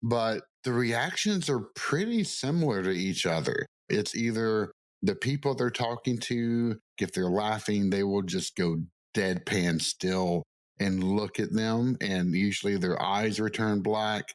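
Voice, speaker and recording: Low-voiced man in casual chat. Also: a little slow, dry recording, rough recording. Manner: chatty, animated storytelling with fillers. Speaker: podcast host.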